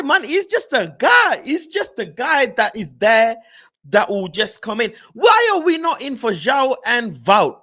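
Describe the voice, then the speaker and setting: A man's voice: very high-pitched, very animated, measured pace, bright, forceful tone. A young man ranting in a casual live stream about football, frustrated and swearing. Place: home room.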